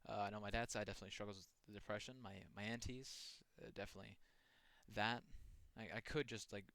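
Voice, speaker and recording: A man's voice: on the low side, steady tone, fast talker, fairly bright tone, no echo. A young man talking loosely over a horror game he is playing, rambling and restarting his sentences with many fillers. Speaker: gaming channel host. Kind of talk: casual gameplay commentary.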